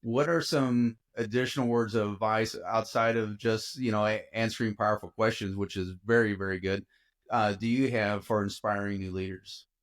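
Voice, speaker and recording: A man's voice: lowish voice, fairly even intonation. A man hosting a podcast interview, asking questions with hesitant fillers. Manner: halting, filler-heavy questions. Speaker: podcast host.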